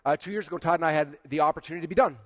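Male keynote speaker, quick and animated storyteller with a slightly high voice and a dry sound. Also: dry recording. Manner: animated, acts out dialogue, frequent "like". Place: conference stage.

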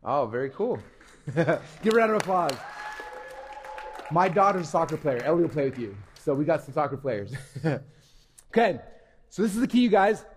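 A man giving an energetic, playful, emphatic live presentation to young people as a motivational speaker. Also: fairly high pitch, moderate pace, pauses often, husky, a faint crowd. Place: event hall. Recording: reverberant hall.

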